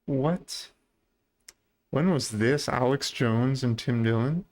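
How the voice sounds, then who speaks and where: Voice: medium pitch, measured pace, a little mellow. A livestreamer giving profane reaction commentary with crude, blunt interjections.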